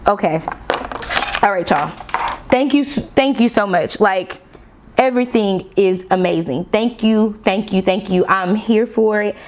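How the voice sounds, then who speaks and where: A woman chatting excitedly to her viewers as she unboxes a gift and tests pens at her desk, calling them "y'all.". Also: mid-range voice, a little slow, slight background noise. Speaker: planner vlogger. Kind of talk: casual unboxing chat to viewers. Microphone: desk camera mic, off camera.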